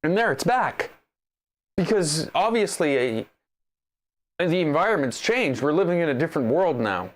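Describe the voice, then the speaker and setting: A man live-streams his 3D printer troubleshooting, talking straight to the machine. His voice is exasperated and sarcastic, and it swings widely in pitch as he grumbles. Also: very animated, normal speed, long pauses. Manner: talks to the machine directly. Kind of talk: casual live troubleshooting commentary.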